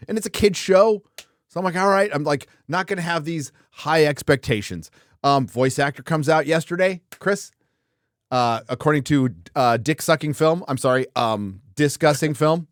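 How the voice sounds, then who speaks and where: A man's voice: fairly high pitch, normal speed, no echo. A man in his fifties from Southern California, hosting a casual livestream chat in a loose, joking, crude manner, often trailing into filler words. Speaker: host.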